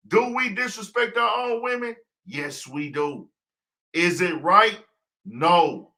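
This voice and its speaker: A man's voice: sits high, animated, takes it slowly, bright, forceful tone. A man hosting a casual livestream talk show, preaching his point with rhetorical questions he answers himself. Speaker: podcast host.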